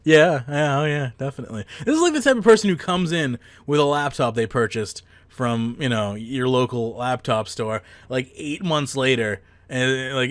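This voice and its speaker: A young adult man hosting a casual podcast, quick and self-mocking, ranting with bursts of laughter. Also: medium pitch, no echo. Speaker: podcast host.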